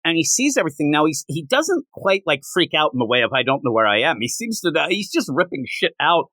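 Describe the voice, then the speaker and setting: A man co-hosting a casual comic book podcast, animated and laughing as he acts out characters. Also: on the high side, a little fast, no echo. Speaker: podcast co-host.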